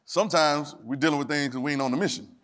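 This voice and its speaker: A man preaching a sermon to a congregation, calling for responses and swinging between soft asides and shouted, sung phrases. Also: fairly high pitch, fast. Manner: Southern Black church vernacular, drops verbs. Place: church sanctuary.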